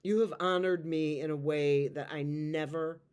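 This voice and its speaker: A woman with a low voice who speaks slowly to her viewers. She reads tarot and talks in a soft, heartfelt, emotional way. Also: fairly even intonation. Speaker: tarot reader. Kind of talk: spiritual video talk to viewers.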